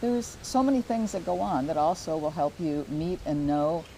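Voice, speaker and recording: Warm-toned older woman host. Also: low voice, normal speed, gravelly, slight background noise, rough recording. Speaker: real estate show host. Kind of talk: casual promotional chat.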